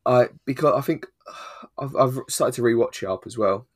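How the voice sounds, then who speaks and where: A man co-hosting a casual podcast, relaxed, dropping into quiet asides. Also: mid-range voice, normal speed, husky. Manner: relaxed, drops to quiet asides, says mate. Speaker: podcast co-host. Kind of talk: casual chat.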